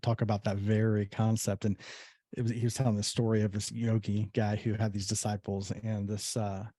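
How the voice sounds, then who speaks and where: A man's voice: on the low side, flat delivery, normal speed, mellow, dry recording. A man hosting a spiritual podcast, telling stories in a casual way and affirming his guest. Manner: storytelling, affirming. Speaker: podcast host.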